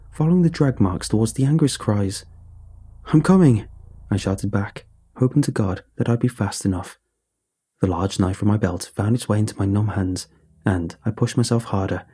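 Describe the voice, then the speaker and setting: A man reads a first-person horror story aloud with steady, dramatic pacing. His voice is very dark and mellow, with a husky edge. He sits a little low in pitch. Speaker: narrator.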